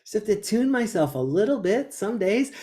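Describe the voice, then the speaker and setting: A man in his forties talks as a guest about mindfulness practice. His pitch swings widely, and he laughs often between rhetorical questions. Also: big pitch swings, normal speed, dark tone. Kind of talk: conversational interview.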